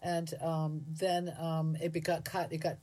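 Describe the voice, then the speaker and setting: A woman's voice: low-pitched, flat delivery, unhurried, mellow. A woman co-hosting a casual chat about word origins, explaining with wry chuckles. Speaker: podcast co-host.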